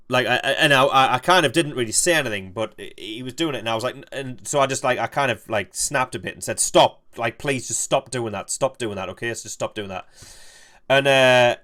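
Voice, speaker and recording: A young man streaming a game, telling a rambling, halting story and swearing freely. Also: medium pitch, a bit bright. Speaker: gaming streamer. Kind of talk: casual storytelling while playing.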